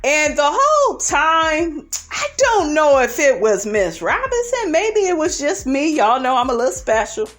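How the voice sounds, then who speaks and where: A sassy woman dishing out a reality show recap in a blunt, profane, gossipy way. Her voice sits a touch high for a woman, and she keeps calling her viewers "honey" with a knowing "okay?" after her calls. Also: big pitch swings, a little slow, fairly bright tone. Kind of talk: casual commentary recap.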